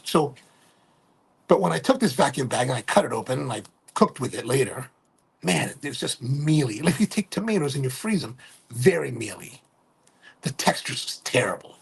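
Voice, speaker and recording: Middle-aged male livestream host, gravelly and husky, casual rambling talker who self-corrects. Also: mid-range voice. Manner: rambling, self-correcting, keeps asking "right?". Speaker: livestream host and coffee retailer.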